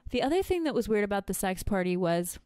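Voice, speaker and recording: Woman, smooth clear voice, dry close mic, frank profane storytelling. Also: mid-range voice, very animated, fast talker, a little mellow, no room sound. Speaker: podcast co-host. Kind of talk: casual podcast chat.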